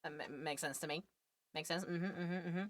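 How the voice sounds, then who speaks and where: A woman's voice: fairly low pitch, fairly even intonation, normal speed, no room sound, studio quality. A woman streamer chatting casually and joking while playing a video game. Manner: chatty, jokey, thinks aloud. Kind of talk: casual let's-play commentary.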